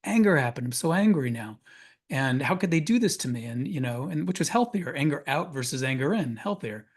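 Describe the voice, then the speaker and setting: A man's voice: fairly high pitch, animated, fairly quick. A man presenting on a webinar panel, telling a personal story earnestly with frequent restarts. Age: adult parent of a school-age child.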